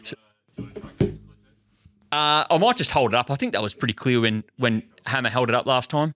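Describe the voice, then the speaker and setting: A man with an Australian accent hosting a casual golf podcast, excitable and quick to laugh. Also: mid-range voice, dry recording. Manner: excitable, laughs often, says he gets nervous. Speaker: podcast host. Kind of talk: casual chat.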